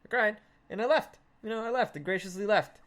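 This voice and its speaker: A man with a notably high speaking voice, co-hosting a loose, casual chat. He tells his story with animation, swears freely and acts out what people said. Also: fast talker, fairly bright tone. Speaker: podcast co-host.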